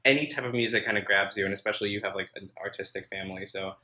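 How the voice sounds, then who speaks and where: A man hosting a casual interview chat about singing, enthusiastic and full of quick interjections. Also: lowish voice, fairly even intonation, sharp tone. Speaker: podcast host. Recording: roomy echo.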